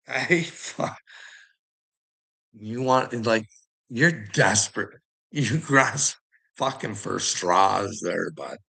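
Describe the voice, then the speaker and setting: A man's voice: fairly low pitch, animated, drawn-out words, gravelly, pauses often, pushed and bright, husky. A Canadian man in a rambling casual monologue, swearing a lot and laughing often between sentences.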